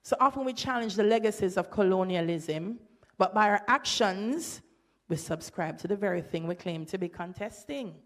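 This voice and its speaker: A woman with a Jamaican accent giving an academic presentation at a symposium, breaking into lively patois quotes. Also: mid-range voice, moderate pace. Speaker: symposium speaker. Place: lecture hall.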